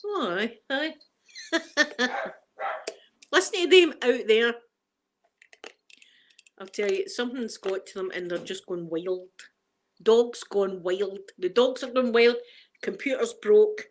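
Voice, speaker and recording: A middle-aged Scottish woman talks loosely on a live stream, answering the chat and breaking into laughter often. Her voice sits a little high for a woman. She rambles in a relaxed, unscripted way. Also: takes it slowly, pauses often, slight background noise. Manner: chatty, laughs often, reads chat aloud. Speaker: ASMR streamer.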